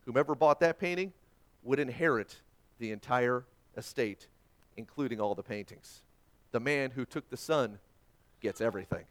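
A man's voice: medium pitch, normal speed, long pauses, pitched below the performer's own voice, natural voice. A man voicing a persistent male auctioneer who keeps calling for bids, within a sermon story. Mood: solemn. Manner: insistent, repeating calls for bids.

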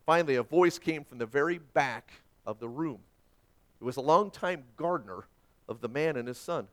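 A man, a pastor preaching a sermon with expressive storytelling and dramatic pauses. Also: medium pitch.

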